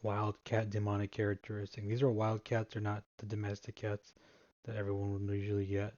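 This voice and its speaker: A man giving a casual joke slideshow presentation, rambling and halting with frequent restarts. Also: lowish voice, completely flat delivery, darkish tone, no room sound, highs cut off.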